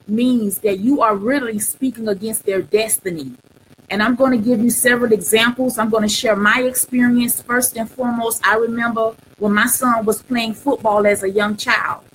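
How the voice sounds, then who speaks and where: A woman's voice: fairly high pitch, fairly bright tone, slight background noise, poor audio. A middle-aged woman hosting a live talk show, sharing her own story in an earnest, preacher-like way and repeating phrases for emphasis. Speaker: host.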